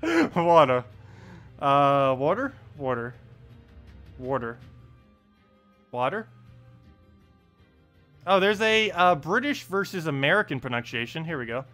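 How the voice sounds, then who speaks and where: A male game streamer in loose, casual chat. His pitch swings animatedly as he laughs and plays with words, and faint music runs under his voice. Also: animated, normal speed, bright, forceful tone. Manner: playful, laughs often, keeps repeating a word to test his pronunciation.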